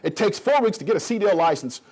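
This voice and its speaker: A middle-aged man from Kentucky giving an animated presentation to a room of realtors. He is folksy and emphatic and talks straight to the audience. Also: sits high, fast talker, husky. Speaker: economic development official.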